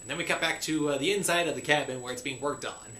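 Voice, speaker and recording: A man recapping a cartoon episode in a playful pirate persona, saying "be" for "is" and slipping into quick voices for the characters. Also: on the high side, sharp tone. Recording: echoey room with faint hiss.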